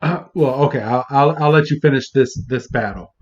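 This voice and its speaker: A man co-hosting a podcast, recapping an episode in casual chat with frequent restarts. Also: mid-range voice. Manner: halting, stop-start delivery. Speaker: podcast co-host. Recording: dull lo-fi audio.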